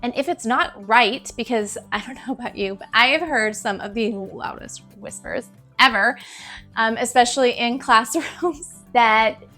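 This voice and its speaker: A woman's voice: on the high side, unhurried, sharp tone. A young adult woman teacher talking casually to camera, giving classroom tips in a chatty, encouraging way that repeats things for emphasis. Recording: faint background music.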